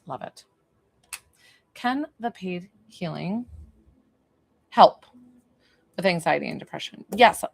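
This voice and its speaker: A woman's voice: fairly low pitch, animated, slow, vocal fry, long pauses, a little hiss or hum. A woman hosting a live stream as a psychic medium from her basement, chatting effusively with viewers and swearing casually. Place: basement room.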